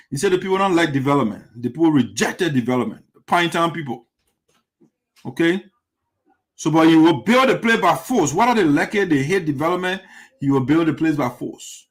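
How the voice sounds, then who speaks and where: A man hosting a critical political commentary, indignant and full of rhetorical questions that circle back to the same points. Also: fairly high pitch. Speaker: commentary show host.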